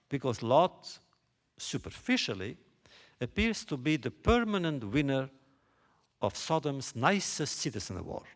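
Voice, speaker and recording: A man giving a lecture on a biblical text, posing rhetorical questions in a deliberate way. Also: medium pitch. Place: lecture hall stage.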